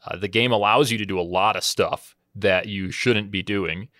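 Man, low voice, casual gaming podcast, animated storytelling, dry close sound. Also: normal speed, no echo. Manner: animated storyteller, acts out quoted lines. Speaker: podcast co-host.

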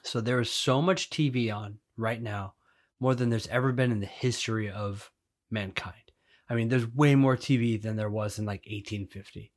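A man with a voice on the low side speaks at normal speed as co-host of a podcast. It's a casual chat in which he jokes around conversationally with his wife.

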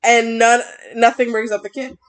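A woman's voice: a little high, flat delivery, moderate pace, rough recording. Matter-of-fact woman reading news aloud. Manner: reads articles aloud, dry and matter-of-fact. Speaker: podcast co-host reading news stories. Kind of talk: casual chat.

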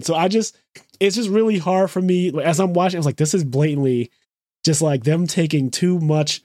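A man with a slightly raised pitch talks bluntly through a film review, swearing casually and acting out lines. The recording is dry and close, with no room sound. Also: darkish tone, no room sound. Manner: blunt, swears freely, mimics movie lines. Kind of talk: casual chat, movie review.

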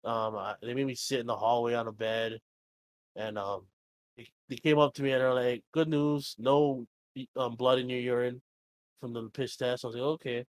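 A young man chatting casually on a podcast at a middle pitch, recorded close and dry. He rambles through a story, swears freely and slips into quick impressions of the people he quotes. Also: steady tone, no echo. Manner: rambling, swears freely, acts out both sides of dialogue. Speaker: podcast co-host.

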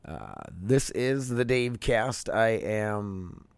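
A man's voice: fairly low pitch, expressive, drawn-out words, gravelly, clear, resonant tone, no echo. A man in his thirties hosting his own podcast, talking casually and candidly, rambling with many fillers and restarts. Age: 30s. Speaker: podcast host. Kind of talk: casual solo podcast monologue.

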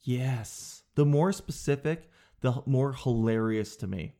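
Animated man doing a comic monologue. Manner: animated storytelling, acting out clerks in a high voice; drops low and slow to demonstrate a flat no. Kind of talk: comedic monologue.

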